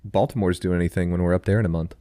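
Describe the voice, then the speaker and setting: A man's voice: sits low, steady tone, very fast, warm tone, no room sound. A man co-hosting a podcast in casual chat, easygoing and enthusiastic. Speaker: podcast co-host.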